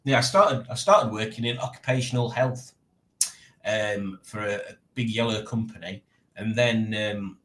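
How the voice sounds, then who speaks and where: A man's voice: lowish voice, unhurried, a bit bright, reverberant. A man hosting a live-stream quiz in casual chat, rambling and jokey as he reads viewer comments aloud.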